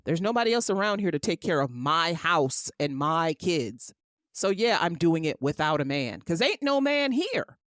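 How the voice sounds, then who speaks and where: A woman's voice: lowish voice, big pitch swings, moderate pace, dry recording, clean studio sound. A middle-aged woman hosting her own podcast, ranting emphatically and with exasperation, swearing freely. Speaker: podcast host. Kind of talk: ranting solo podcast monologue.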